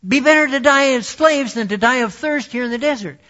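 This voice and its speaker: Brief: a preacher doing whining, high-pitched desert grumblers, slow and loud, on a dull lo-fi recording. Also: male voice. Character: whiny complaining desert wanderers, mixed adults.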